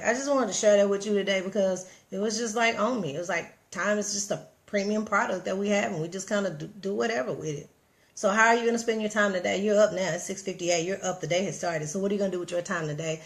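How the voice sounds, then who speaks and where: A woman with a Southern US accent giving casual motivational talk on a livestream, animated and preachy, addressing viewers directly and reading their comments. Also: medium pitch, fast. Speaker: vlogger.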